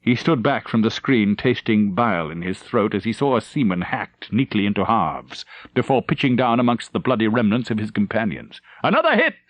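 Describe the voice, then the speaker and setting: Male audiobook narrator, animated pitch, dramatic and measured, dry studio sound. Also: dry recording. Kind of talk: scripted narration.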